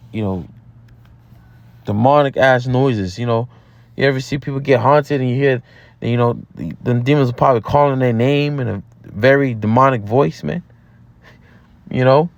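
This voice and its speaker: Man, mid-pitched, loose street preacher, repeats himself, dull lo-fi recording. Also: measured pace, vocal fry, long pauses, no echo. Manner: casual, repeats words and says "man" often. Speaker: camp teacher. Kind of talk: street-style Bible teaching.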